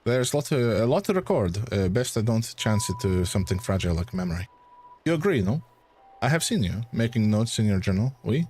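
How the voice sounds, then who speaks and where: A man's voice: on the low side, big pitch swings, warm tone, breathy edge. A man voicing a suave, courteous French male academic who exposes fraud, with a put-on French accent. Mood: measured. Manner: measured, courteous, slightly haughty.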